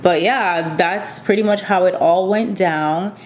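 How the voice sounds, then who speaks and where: Chatty woman in her thirties, slightly low voice. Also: a little slow. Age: 30s. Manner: chatty, animated storytelling with repeated emphasis. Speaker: beauty vlogger. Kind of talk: casual chat to camera.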